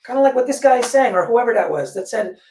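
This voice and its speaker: Blunt, cursing woman guest, voice high-ish, echoey distant call audio. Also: fast, a little hiss or hum. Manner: blunt, profane, animated storytelling. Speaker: panel guest. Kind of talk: casual discussion. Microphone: video call. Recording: echoey room, distant mic.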